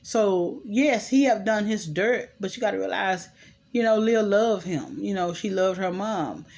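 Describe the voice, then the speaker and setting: A woman's voice: mid-range voice, a little slow, vocal fry, a little mellow. Woman recapping a tv episode, chatty, lots of "you know", opinionated asides. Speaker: TV episode reviewer. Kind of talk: casual recap commentary.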